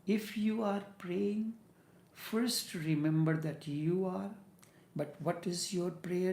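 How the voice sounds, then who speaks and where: A man delivers a meditative spiritual discourse at a very unhurried pace. His measured phrases often fall to a soft whisper on key words. The voice carries a roomy echo. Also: high voice, vocal fry. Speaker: spiritual teacher. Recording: echoey room.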